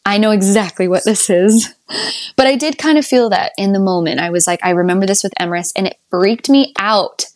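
As a guest in a casual podcast chat, a young adult woman recounts her birth story, laughing often and leaping up high in pitch when she quotes herself. She talks a little fast, and the sound is clean studio audio with no echo.

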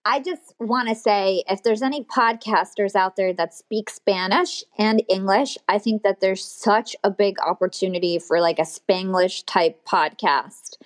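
A woman hosts a podcast news show in the middle of her pitch range. She lays out industry updates in a steady, informative way, with the odd casual filler. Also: measured pace, few pauses. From United States.

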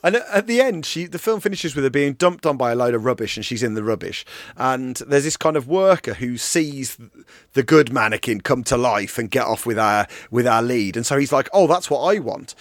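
A man co-hosting a casual podcast chat about a film, animated and quick to laugh, acting out lines as he goes. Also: mid-range voice, dry recording, studio quality. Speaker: podcast co-host.

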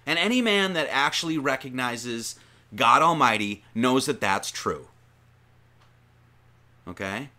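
A man's voice: mid-range voice, measured pace, pauses often. A man giving an informal sermon, reading scripture aloud and riffing on it with slang and rhetorical questions. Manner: animated, slangy, reads verses then riffs with rhetorical questions. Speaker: lay preacher.

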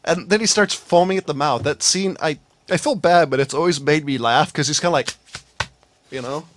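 A man's voice: on the high side, moderate pace, a little hiss or hum. A man co-hosting a podcast, giving blunt opinions in casual movie chat. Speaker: podcast co-host.

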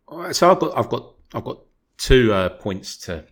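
Speaking at a moderate pace in a mid-range voice, this football podcast co-host keeps things casual. He makes his case through lengthy, rambling stretches, animatedly performing conversations he imagines.

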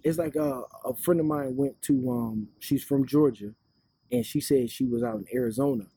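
Dark, husky man telling stories on a podcast. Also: medium pitch, moderate pace, no echo. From Detroit. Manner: rambling, storytelling and explanatory. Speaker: podcast co-host. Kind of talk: casual podcast chat. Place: outdoors.

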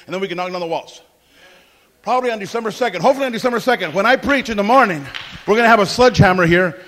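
A man preaching a sermon as pastor, emphatic and animated, mixing in humor and asides. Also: sits high.

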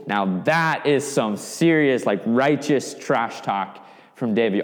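Animated male preacher in a reverberant hall. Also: medium pitch, a little slow. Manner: animated storytelling, vivid asides. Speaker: pastor. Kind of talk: sermon.

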